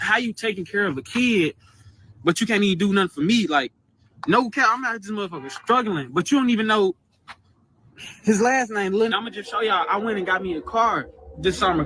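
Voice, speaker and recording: A man's voice: sits high, bright, forceful tone, slight background noise. A twenty-year-old man venting in a casual, rambling and aggrieved way about family. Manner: aggrieved, rambling, fast and repetitive. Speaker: guest telling his story.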